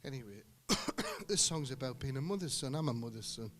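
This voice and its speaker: A middle-aged singer-guitarist telling rambling, joking stories between songs at a live gig. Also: male voice, medium pitch, big pitch swings, a little fast, fairly bright tone. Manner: joking, anecdotal storyteller. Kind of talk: rambling stage banter. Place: live music venue on stage. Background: guitar music.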